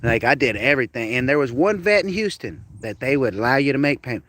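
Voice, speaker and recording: A man's voice: mid-range voice, lively intonation, fast talker, fairly bright tone. A man, ranting on a casual livestream outdoors, heated, profane and rambling while grieving his dog. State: grieving, upset.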